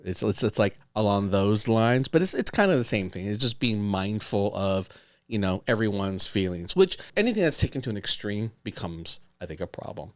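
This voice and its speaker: A man's voice: on the low side, expressive, normal speed, dry recording. A man hosting a reaction video, talking in a rambling, chatty way with many fillers. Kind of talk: casual reaction commentary.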